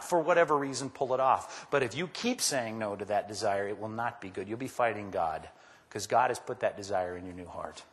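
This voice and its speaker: Animated preacher in a reverberant hall. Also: male voice. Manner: animated, acts out quoted voices with big pitch jumps. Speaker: pastor. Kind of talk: sermon.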